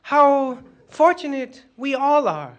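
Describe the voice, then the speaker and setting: Woman as little posh boy; high, quiet, obedient. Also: very animated, slow pace, muffled recording, exaggerated voice. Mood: meek. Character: timid little upper-class British boy.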